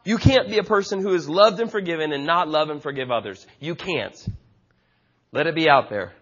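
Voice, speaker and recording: A man's voice: on the high side, fast, fairly bright tone, dull audio. A man preaching a sermon with passionate, emphatic delivery and frequent repetition. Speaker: pastor.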